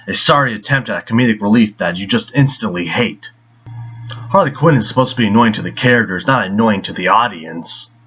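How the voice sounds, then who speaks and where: Sarcastic male movie reviewer, husky. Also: mid-range voice, a bit bright. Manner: sarcastic, mocking. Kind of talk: scripted film review. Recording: dull lo-fi voice.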